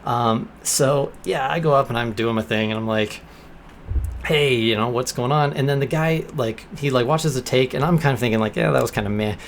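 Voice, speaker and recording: Animated young man telling a story. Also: mid-range voice, normal speed, a little hiss or hum. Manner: animated, acts out quoted lines in bursts. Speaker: vlogger. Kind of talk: casual storytelling vlog.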